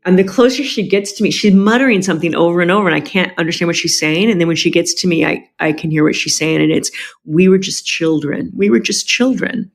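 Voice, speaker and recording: A middle-aged woman, a podcast guest, telling a personal family story candidly, with quick asides. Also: fairly low pitch.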